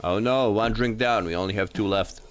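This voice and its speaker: A man's voice: lowish voice, normal speed. A male streamer joking casually through a story game live, reading on-screen text aloud in a laid-back manner from a home setup. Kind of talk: casual live gameplay commentary. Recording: game music behind.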